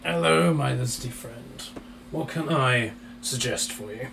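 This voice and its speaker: A man voicing a gaunt, pale male half-elf noble shopkeeper with a hoarse voice, slow and courtly, heard on a distant mic with faint noise. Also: medium pitch, a bit bright. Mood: oily.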